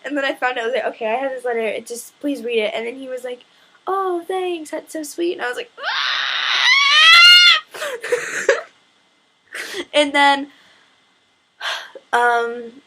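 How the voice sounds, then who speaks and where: A young woman in her teens excitedly retelling a story in a casual vlog, gushing and full of "like" fillers. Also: fairly high pitch, slightly rough.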